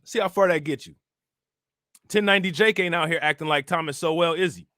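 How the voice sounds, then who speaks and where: Young man, fairly high voice, bright tone, profane livestream rant, rhetorical questions. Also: a little fast, dry recording, studio quality. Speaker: livestream political commentator. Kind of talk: casual livestream rant reacting to chat.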